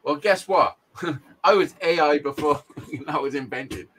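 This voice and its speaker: A man's voice: on the high side, a little slow, fairly bright tone, a little hiss or hum. A middle-aged man, co-hosting a podcast and telling a blunt, sweary story with frequent laughs. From Wales. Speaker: podcast co-host. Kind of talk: casual storytelling chat.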